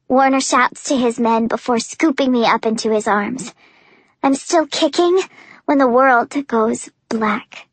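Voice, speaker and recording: Young woman narrating an audiobook, high voice, super emotive and breathless, dry close mic. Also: measured pace, dry recording. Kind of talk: first-person audiobook narration.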